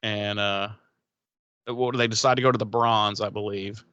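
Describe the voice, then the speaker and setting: A man's voice: on the low side, steady tone, moderate pace, bright, forceful tone, smooth, no echo, muffled recording. A man casually recapping a TV episode on a podcast, rambling, swearing and acting out the characters' lines. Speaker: podcast co-host.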